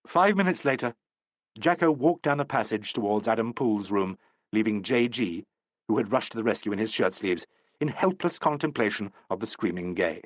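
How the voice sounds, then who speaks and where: A man narrating an audiobook in a measured, expressive reading. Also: lowish voice, no room sound. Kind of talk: scripted narration.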